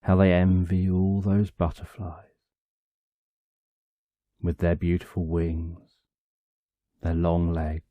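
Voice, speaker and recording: A man narrates a bedtime story for sleep in a calm, unhurried way, pausing at length between short phrases. His voice sits low and very dark, with an unhurried pace. The recording is dry and a little dull. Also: dry recording. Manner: calm, drawn out, short phrases with long pauses.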